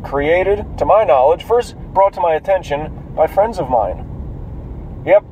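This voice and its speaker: A man's voice: fairly high pitch, expressive, unhurried, rough recording. A drowsy man rambling and swearing casually while driving home at night. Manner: profane, rambling, self-amused. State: drowsy, yawning. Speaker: vlogger musing while driving. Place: in a car, driving. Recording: loud car road noise.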